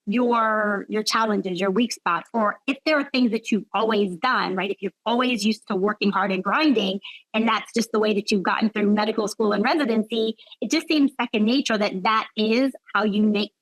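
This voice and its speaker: A woman's voice: mid-range voice, normal speed, fairly bright tone, dry recording, rough recording. A woman physician talking reflectively in an interview, often adding "right?" and "like" as she thinks aloud. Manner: reflective, frequent "right?" and "like" fillers. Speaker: physician guest. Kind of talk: conversational interview.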